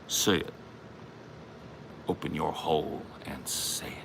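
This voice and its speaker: A man's voice: rumbling low, fairly even intonation, takes it slowly, vocal fry, background noise. A man hosting a comedy show, taunting and profanely ranting in an aggressive, confrontational way. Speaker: comedy podcast host. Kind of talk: aggressive comic rant.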